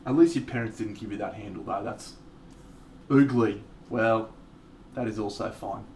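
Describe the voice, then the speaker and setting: A man's voice: fairly low pitch, moderate pace, creaky. Laid-back Australian man chatting to viewers. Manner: relaxed, swears freely, laughs often. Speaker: live streamer. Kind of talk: casual chat with viewers. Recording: distant mic, faint background noise.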